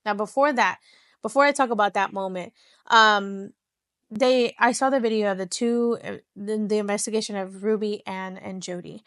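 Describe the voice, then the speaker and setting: In a mid-range, fairly even, slightly bright and smooth voice at a moderate pace, this podcast host chats through a true-crime case. She rambles, restarts often, and leans on "like" and other fillers. The studio sound is clean with no echo.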